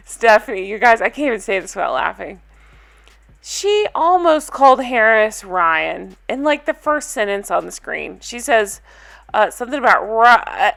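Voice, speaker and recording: A woman's voice: on the high side, a bit bright. A woman vlogger chatting casually through a TV recap, blunt and opinionated, often laughing.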